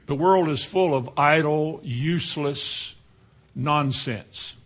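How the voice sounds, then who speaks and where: A man's voice: a little high, takes it slowly. A man preaching a sermon in a folksy way, now and then mimicking slang with a laugh.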